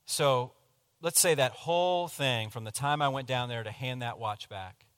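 A man preaching, telling a personal story in a confessional, animated way that swings from hushed to loud. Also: medium pitch, moderate pace, clear, resonant tone, no echo. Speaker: pastor. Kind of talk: sermon storytelling.

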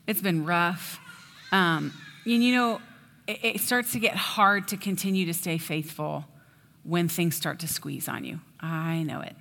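A woman giving a sermon in a chatty, animated storytelling way. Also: on the low side, unhurried, gravelly. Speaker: preacher. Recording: long hall reverb.

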